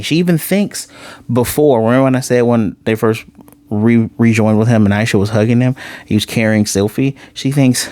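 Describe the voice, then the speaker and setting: A man's voice: medium pitch, moderate pace, a little mellow, no room sound. Heartfelt, casual man with a dry voice. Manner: heartfelt, conversational, swears casually. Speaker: anime reviewer. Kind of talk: casual spoken episode review.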